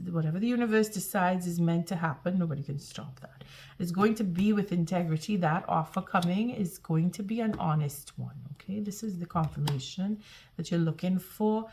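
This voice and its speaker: A woman's voice: lowish voice, a little mellow. A woman reads tarot cards for her viewers in an earnest, reassuring way. She circles back over her words, restarting and repeating phrases as she goes. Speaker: tarot reader. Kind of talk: tarot reading to camera.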